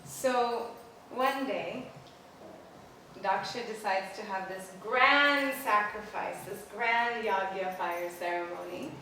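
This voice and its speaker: A woman teacher retells an old myth in a casual, animated lecture, often leaning on "like". Her voice sits far from the mic and rings through a strongly echoing space, with faint ambience beneath it. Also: mid-range voice, takes it slowly, a little hiss or hum. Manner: casual, animated, many "like" fillers. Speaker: spiritual teacher, pilgrimage leader. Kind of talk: storytelling lecture. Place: outdoors beside a temple. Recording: echoey space, voice from a distance.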